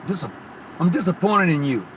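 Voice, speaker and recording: A man quoting his lodge leader, who speaks quietly and calmly about feeling hurt. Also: high voice, moderate pace, a little hiss or hum, low-quality recording. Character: calm, hurt older male lodge leader.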